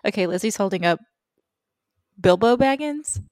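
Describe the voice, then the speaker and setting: A woman co-hosting a podcast in casual, animated chat, giggling often. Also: medium pitch, no room sound, clean studio sound. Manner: animated, giggly, quick asides. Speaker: podcast co-host.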